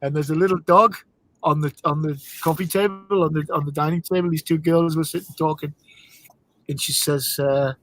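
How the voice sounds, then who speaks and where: A man's voice: a little high, fairly even intonation, normal speed, fairly bright tone, faint music behind. A man hosting a live stream, chatting casually and telling rambling jokes. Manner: rambling, tells jokes with laughs. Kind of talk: casual chat. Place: parked motorhome spot.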